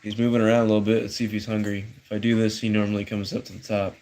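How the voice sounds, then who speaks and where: A man's voice: lowish voice, flat delivery, racing, a little mellow. A young man casually chatting on a live stream, reading chat messages aloud and answering them in a laid-back way.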